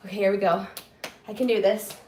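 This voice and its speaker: A woman's voice: mid-range voice, steady tone, a little fast, a little mellow, slightly rough. A young woman, a singer, livestreaming from her small home and chatting casually with her viewers, giggling often and reading their comments aloud. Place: small home basement apartment.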